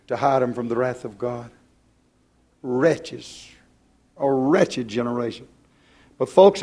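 A man preaching a plain-spoken, folksy sermon, swinging from loud to hushed. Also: medium pitch, vocal fry.

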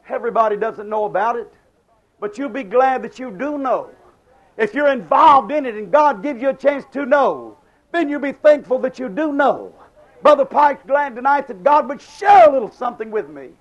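Man, revival preacher, very high voice, fervent and shouting, dull lo-fi tape. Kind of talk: revival sermon. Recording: dull lo-fi recording.

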